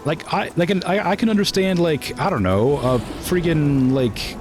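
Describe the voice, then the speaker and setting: A man's voice: a little high, animated, normal speed, a little mellow, soft background music. A young man from Florida streaming a game in casual, rambling chat, full of fillers and laughter.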